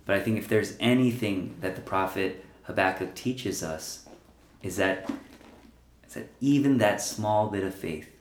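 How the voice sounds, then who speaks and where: Earnest low-voiced pastor preaching. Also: male voice. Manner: earnest, pleading emphasis with soft trailing phrase ends. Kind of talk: sermon. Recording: roomy echo.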